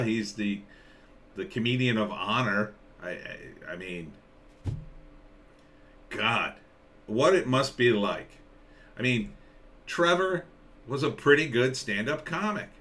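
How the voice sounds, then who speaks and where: Bright-toned sarcastic male streamer. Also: medium pitch. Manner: sarcastic, rambling, reads out chat comments. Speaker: live stream host. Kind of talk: casual commentary on a live stream.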